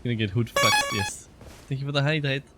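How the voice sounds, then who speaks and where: A man's voice: mid-range voice, brisk, sharp tone, slight background noise. A man streaming a video game, chatting casually with viewers, reading their comments and laughing often. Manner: chatty, laughs often, reads chat aloud.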